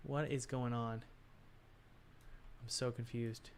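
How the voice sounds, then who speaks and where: A man's voice: medium pitch, level tone, slow, a little hiss or hum. Man muttering through a puzzling task. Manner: muttering to himself, puzzled, self-talk with sighs. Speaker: game developer. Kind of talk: thinking aloud while working.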